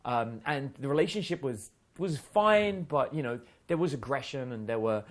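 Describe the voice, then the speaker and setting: A man's voice: mid-range voice, expressive, normal speed. A man speaking as a dating coach, telling stories in a blunt, profane way and acting out the lines of the people in them. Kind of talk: casual storytelling monologue.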